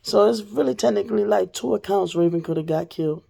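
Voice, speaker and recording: A woman vlogger telling a personal story straight to the camera, blunt and profane, her voice dropping low and then rising loud. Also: fast talker, gravelly, breathy edge.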